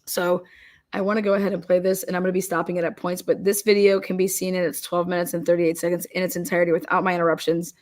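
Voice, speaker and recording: A young woman hosting a casual livestream, chatting and reacting quickly as she reads out where viewers are from. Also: fairly low pitch, level tone, darkish tone. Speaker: livestream host.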